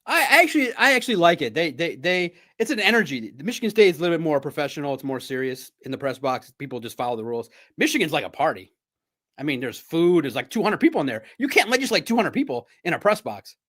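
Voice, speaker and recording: Lively, high-pitched man telling stories. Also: fairly quick. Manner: animated storyteller, laughs often, mimics shouting. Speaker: sports podcast host. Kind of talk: casual livestream chat.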